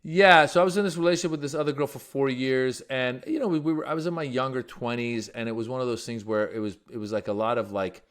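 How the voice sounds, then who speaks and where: A man from Iran, a guest comedian, telling stories in a casual, animated way. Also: mid-range voice, fast, few pauses. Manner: animated storyteller. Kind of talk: casual storytelling.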